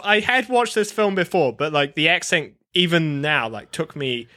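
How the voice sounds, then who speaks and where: Brief: bright, slightly high male podcast co-host, rambling and animated. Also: normal speed, dry recording, clean studio sound. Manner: animated, rambling with many restarts. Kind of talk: casual film discussion.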